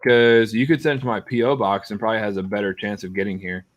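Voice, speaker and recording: A man's voice: on the low side, fairly even intonation, fast. A middle-aged man chatting bluntly and emphatically on a live gaming stream, often repeating his words. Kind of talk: casual stream chat.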